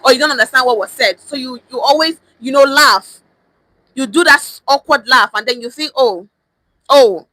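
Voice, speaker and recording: A woman's voice: high voice, a little fast, bright, forceful tone, rough recording. Emphatic Nigerian woman teaching live. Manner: emphatic, repeats phrases, acts out reactions. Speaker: online language teacher. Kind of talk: casual livestream lesson. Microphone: phone or webcam on a live stream.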